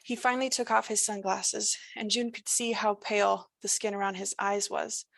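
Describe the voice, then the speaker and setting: A woman's voice: mid-range voice, little pitch movement, moderate pace, vocal fry, a bit bright, dry recording. A woman author reading her own fiction over a video call, starting hesitantly with ums, then reading steadily. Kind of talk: prose reading.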